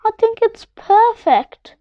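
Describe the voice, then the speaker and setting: A woman putting on a slow growling storybook monster. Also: very high voice, big pitch swings, mellow, dry recording, lo-fi sound, pitched above the performer's own voice, exaggerated voice. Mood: smug. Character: fussy filing-obsessed male monster, grumpy.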